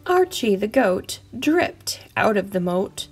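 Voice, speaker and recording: A woman's voice: mid-range voice, big pitch swings, unhurried, hardly any pauses, breathy edge, faint music behind. A woman reading a picture book aloud to children in a playful, rhythmic, sing-song way. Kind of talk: expressive children's story read-aloud.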